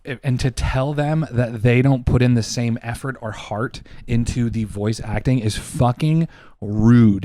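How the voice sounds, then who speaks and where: A man's voice: medium pitch, no echo. Heated, swearing man ranting close to the mic. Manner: heated, emphatic, swearing, talks loud. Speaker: podcast co-host. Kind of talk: profane opinion rant.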